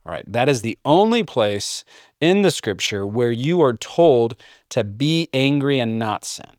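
A middle-aged man with a mid-pitched voice teaches in a relaxed, conversational way, weaving in scripture and light self-mocking humor. The sound is dry and close, with no room around it. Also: unhurried, no room sound. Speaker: podcast host and biblical counselor. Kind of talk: casual teaching podcast talk.

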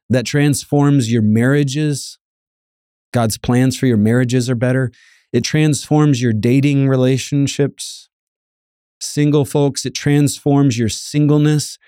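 A man's voice: mid-range voice, steady tone, slow, warm tone, no echo, studio quality. A man preaching a sermon, earnest and emphatic, repeating key lines and reading scripture aloud.

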